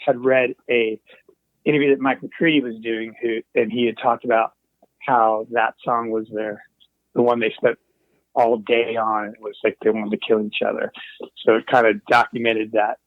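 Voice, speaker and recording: A man's voice: medium pitch, little pitch movement, moderate pace, no room sound. A man guesting as a recording engineer, telling casual stories in a meandering way, full of asides and restarts. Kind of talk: casual anecdotal storytelling. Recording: tinny phone-like call line.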